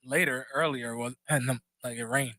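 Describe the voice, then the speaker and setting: A man's voice: mid-range voice, steady tone, normal speed, bright, forceful tone, no room sound. A man, co-hosting a podcast in casual, profane, laughing chat. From the Bronx, New York. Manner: loose, profane storytelling with a laugh. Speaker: podcast co-host.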